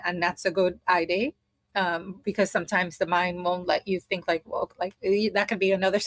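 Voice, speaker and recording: A woman's voice: medium pitch, dry recording. A woman teaching a spiritual study group in a casual way, thinking aloud as she explains a method step by step.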